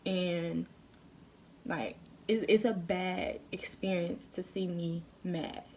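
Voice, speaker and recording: A woman's voice: on the low side, fairly even intonation, slow, darkish tone, a little hiss or hum. A woman vlogger telling a story straight to her viewers in a blunt, heated, casual way, swearing freely. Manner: addresses viewers directly.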